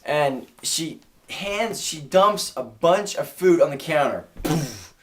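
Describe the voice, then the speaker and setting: A man's voice: on the high side, expressive, takes it slowly, a little hiss or hum. A man in his room telling a funny story in a chatty way, restarting his sentences as he goes. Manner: chatty, restarts sentences, acts out the other voices. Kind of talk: casual storytelling.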